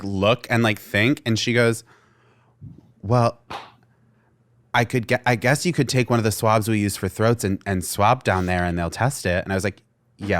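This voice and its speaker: A young man from Vermont, co-hosting a podcast, tells a story in a casual, animated way and acts out the people in it. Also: mid-range voice. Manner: animated storyteller acting out quoted voices, lots of "like". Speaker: podcast co-host.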